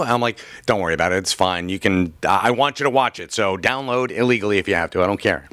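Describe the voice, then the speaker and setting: A man's voice: fairly low pitch, quick pace, hardly any pauses, a bit bright, no room sound. A man working in a comic shop, answering interview questions in a chatty, joking way, with frequent restarts. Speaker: comic shop worker and podcaster.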